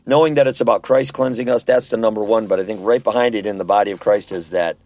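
A man's voice: lowish voice, fast, darkish tone, no room sound. Earnest man leading a Bible study. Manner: earnest, conversational, asks rhetorical questions. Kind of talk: casual Bible study discussion.

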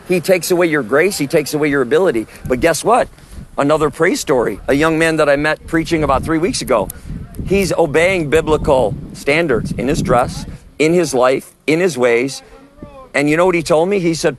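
A man's voice: a little high, background noise. Emphatic man preaching outdoors. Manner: storytelling, emphatic, quotes others in dialogue. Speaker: street preacher. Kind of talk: open-air preaching.

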